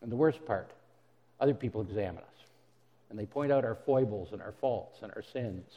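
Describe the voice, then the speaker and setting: A man's voice: fairly low pitch, brisk, in a large hall, dull audio. A man preaching a sermon in an earnest way, often repeating words as he goes and voicing the words of God and Jesus. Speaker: pastor.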